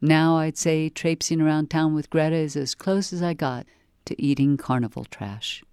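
Smooth, dry-voiced first-person book reader. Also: medium pitch, fairly even intonation, normal speed, darkish tone, no room sound. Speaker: reader of a book excerpt for a library promo. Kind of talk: scripted first-person audiobook-style reading.

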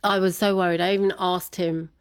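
A woman with a slightly low voice tells a personal story in an interview, often laughing and lifting her voice when she quotes her family. The sound is dry and close. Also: a little fast, smooth, no room sound. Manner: laughs often, animated when quoting others. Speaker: guest.

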